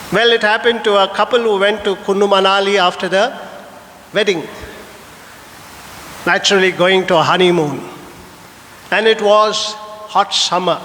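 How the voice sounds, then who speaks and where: A man's voice: sits high, pushed and bright. Sex: man. Role: priest. Style: sermon in a church hall. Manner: earnest preaching with rhetorical questions and a personal anecdote. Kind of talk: Sunday homily.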